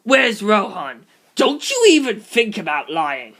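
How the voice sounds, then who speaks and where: A man's voice: high voice, big pitch swings, takes it slowly, pitched above the performer's own voice, heavily acted. A man doing a snarling young thug. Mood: angry yelling. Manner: snarling, yelling. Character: hot-headed young male thug, aggressive.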